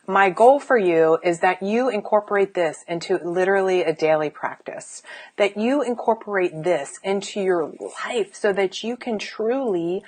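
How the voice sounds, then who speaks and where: A middle-aged woman, a life coach, sitting indoors and giving an emphatic, chatty live-streamed motivational talk with sighs and restarts. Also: medium pitch.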